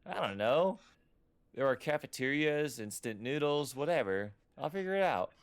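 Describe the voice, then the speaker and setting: A man plays a young adult son itching to leave home, curt and defensive, his tone swinging lively up and down. The voice of a story game's restless teenager. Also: medium pitch, moderate pace, lightly acted. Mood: exasperated. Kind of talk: reading game dialogue aloud.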